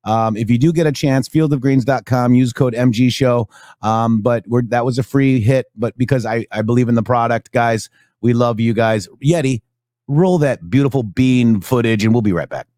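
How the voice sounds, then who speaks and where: A man's voice: medium pitch, normal speed, a little mellow, no room sound, clean studio sound. A man hosting a political talk show, talking casually and rambling with many fillers. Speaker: show host.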